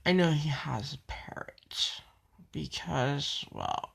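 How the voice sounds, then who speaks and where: A performer putting on an odd, secretive gossip who speaks in a slow, drawn-out mutter. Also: medium pitch, gravelly, fairly bright tone, husky, whispered, full character voice.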